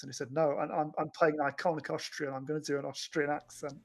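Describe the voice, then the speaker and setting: A man's voice: on the high side, fairly even intonation, quick pace, creaky, hardly any pauses. A man chatting casually about films as a podcast co-host, rambling with many fillers and restarts. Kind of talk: casual film chat.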